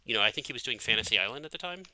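Chatty male podcast host, crisp, dry sound. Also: mid-range voice, racing, no room sound. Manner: animated, chatty, many fillers. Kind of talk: casual film chat.

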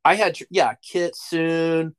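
A man's voice: mid-range voice, normal speed. Easygoing man, hesitant and polite. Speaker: podcast guest. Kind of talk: casual podcast chat.

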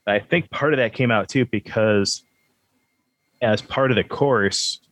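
A man's voice: fairly low pitch, unhurried, a bit bright, no echo. A man hosting a podcast, chatting casually in a rambling, self-deprecating, joking way. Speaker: podcast host.

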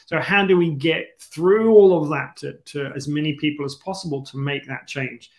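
A man's voice: fairly high pitch, fairly even intonation, moderate pace, echoey room. A man from the UK, a guest in an interview, talking in an earnest, searching way and often restarting his phrases. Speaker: guest, entrepreneur. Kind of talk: reflective interview talk.

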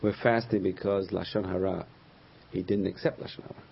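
Husky man giving a Torah class. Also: deep voice, fairly even intonation, brisk, lo-fi sound. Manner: storytelling, acts out quoted voices. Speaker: rabbi teaching a class.

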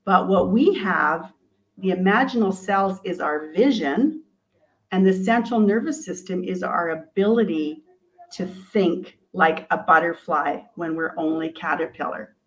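Animated woman author retelling her book. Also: fairly low pitch, a little slow, low-quality recording. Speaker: author and coach. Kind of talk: storytelling in a podcast interview.

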